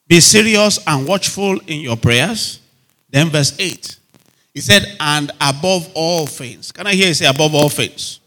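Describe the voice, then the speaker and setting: Bright-voiced man preaching a sermon. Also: fairly high pitch, animated, normal speed. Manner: emphatic, repeats phrases, asks the audience if they are still there.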